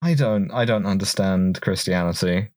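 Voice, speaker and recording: Male podcast co-host, lower voice, wry and chatty, dry booth sound. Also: moderate pace, a little mellow, dry recording. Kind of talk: casual podcast banter.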